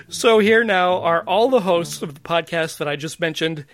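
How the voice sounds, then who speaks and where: A man's voice: on the high side, a bit bright. Chatty, playful male podcast host. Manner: chatty and playful, laughs often. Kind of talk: casual podcast chat.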